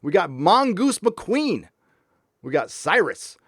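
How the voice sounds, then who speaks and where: A man hosting a casual live stream, ranting with lots of swearing and reading out viewer messages in a warm room. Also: high-pitched, sing-song, slow, no room sound, studio quality.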